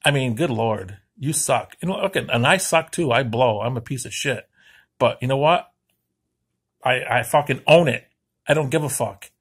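A man's voice: mid-range voice, slightly rough. An American man delivering a crude, profane comedic rant, heated and swearing constantly. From United States. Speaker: vlogger.

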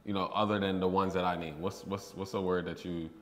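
A man's voice: deep voice, flat delivery. A young man, interviewing a guest in a casual, curious and playful way. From New York. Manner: curious, playful questions, quick laughs.

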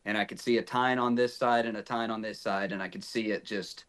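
A man's voice: on the low side, a little fast. A young man from north Texas, a podcast guest, telling a story in casual chat and acting out the quoted dialogue. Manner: animated, acts out quoted dialogue.

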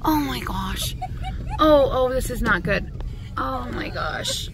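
Nervous high-voiced woman vlogging. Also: expressive, slow, very noisy. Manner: nervous, exclaims often. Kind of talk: casual vlog chat.

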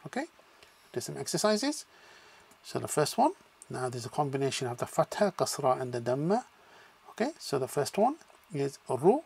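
A man's voice: on the high side, big pitch swings, normal speed, creaky, darkish tone, husky. A man teaching a beginners' language lesson, patiently sounding out syllables one at a time and then blending them into words, with frequent "okay" check-ins. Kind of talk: slow spoken lesson with drills.

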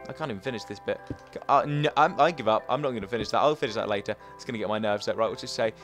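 A man hosting a casual let's play, chatting excitedly to his viewers and his pets. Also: medium pitch, very fast, soft background music. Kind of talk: casual game commentary.

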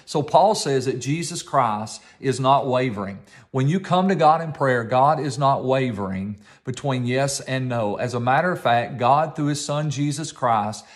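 A male pastor preaching a sermon, emphatic, with repeated phrases and words slowed for stress. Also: medium pitch.

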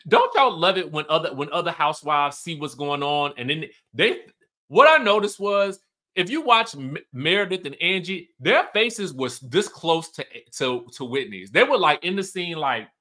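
A man's voice: fairly high pitch, very animated, moderate pace, sharp tone. A man hosting casual reality TV recap commentary, chatty and emphatic. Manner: chatty, emphatic, keeps asking "okay?".

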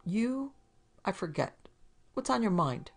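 Wry hard-boiled assistant with a gravelly, dry delivery, as a woman reader puts him on. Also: medium pitch, big pitch swings, slow pace, faint music behind, pitched above the performer's own voice, full character voice. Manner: dry, wisecracking. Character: wry, sardonic male detective's assistant. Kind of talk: storybook reading.

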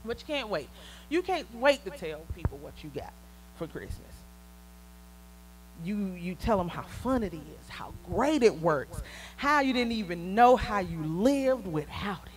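Southern woman preaching with easy warmth. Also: mid-range voice, unhurried, a little hiss or hum, low-quality recording. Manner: conversational, laughing, rising to excited peaks. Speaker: prophetess preaching. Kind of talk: sermon.

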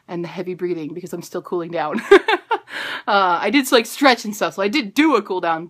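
A woman's voice: fairly low pitch, a bit bright. A woman in her twenties talking casually in a video diary, bubbly, rambling and self-mocking. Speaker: vlogger.

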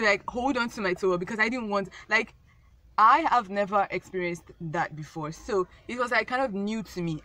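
A woman's voice: mid-range voice, fairly bright tone, no room sound. A young woman telling a casual storytime vlog, rambling and repeating herself with many fillers. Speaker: vlogger.

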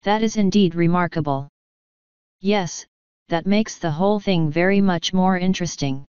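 An audiobook's calm older detective , read by a woman, laying out his logic in slow, exact steps. her voice sits low and very smooth. the recording is dry and a little dull. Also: no echo, natural voice. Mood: intrigued. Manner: measured, precise reasoning.

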